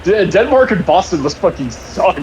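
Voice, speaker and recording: A man's voice: high voice, moderate pace, dull audio, a little hiss or hum. A man co-hosting a livestream, chatting casually and laughing a lot while cooking at home, talking into a computer mic on a voice call. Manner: laughing, joking, lively. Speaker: stream co-host.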